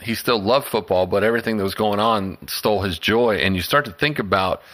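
A man's voice: on the low side, brisk. A man co-hosting a casual sports podcast, telling stories with plenty of swearing. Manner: animated storyteller, swears freely. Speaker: podcast co-host.

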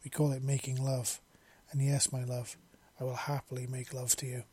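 A man voicing an earnest human man in a story reading, speaking in a formal, then soft, tender way. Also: medium pitch, completely flat delivery, normal speed, slightly rough, close to an everyday voice. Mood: loving.

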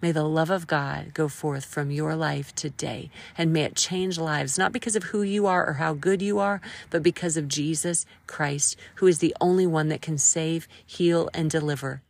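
Warm-voiced woman giving a devotional. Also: low-pitched, steady tone, normal speed, vocal fry, few pauses. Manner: prays and breaks into a cappella worship song; playful, quirky way of talking. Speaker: host. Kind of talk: devotional encouragement talk.

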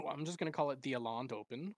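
A man co-hosting a relaxed podcast, often breaking into laughter as he fumbles through hard names. His voice sits at an ordinary middle pitch, recorded close and dry with no room sound. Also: fast talker, no room sound. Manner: laughing, stumbling over names, self-mocking. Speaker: podcast co-host. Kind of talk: casual chat.

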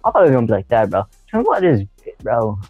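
A man's voice: medium pitch, big pitch swings, rapid-fire, husky, no room sound, soft background music. Young man on a tinny line, rambling. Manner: rambling, slangy, laughing. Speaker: podcast co-host. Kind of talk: casual storytelling chat. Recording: dry, tinny phone-like sound.

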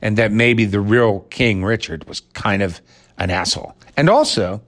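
A man's voice: lowish voice, moderate pace, fairly bright tone. A man giving a blunt, sarcastic film review monologue, firing rhetorical questions and answering them himself. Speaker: movie reviewer.

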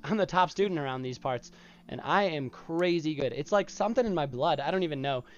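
A man's voice: fairly high pitch, lively intonation, a little fast, highs cut off, soft background music, close to an everyday voice. A man voicing a cocky, boastful teenage boy who is a wizard student, in a tabletop game. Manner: boastful, casual slangy.

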